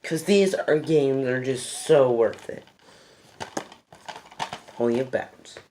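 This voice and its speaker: Unhurried, rambling game vlogger; excitable, loses the thread, restarts, mid-pitched voice. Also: slight background noise. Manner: rambling and excitable, repeats "freaking epic". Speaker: gaming video host. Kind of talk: casual game recommendations.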